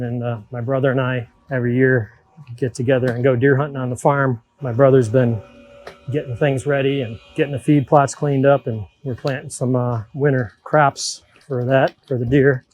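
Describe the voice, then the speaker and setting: A man's voice: medium pitch, darkish tone, low-quality recording. A middle-aged man, a boat mechanic, chatting casually to the camera and explaining his repair work step by step. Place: on and around boats at a marina.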